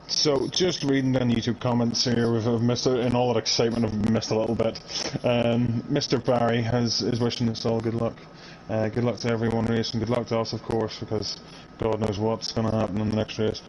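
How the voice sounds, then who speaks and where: A man's voice: medium pitch, level tone, brisk, hardly any pauses, darkish tone, a little hiss or hum, low-quality recording. Chatty man commentating sim racing. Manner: chatty, laughs often, reads out viewer comments. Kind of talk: live race commentary.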